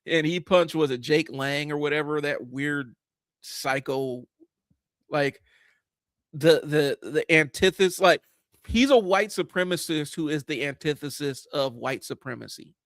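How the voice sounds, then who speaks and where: A man's voice: on the high side, a little slow, fairly bright tone, dry recording. A man in his forties hosting a livestream, talking casually and bluntly about comics, rambling with many fillers and restarts. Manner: blunt, casual, swears at times. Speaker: livestream host. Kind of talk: casual comic book commentary.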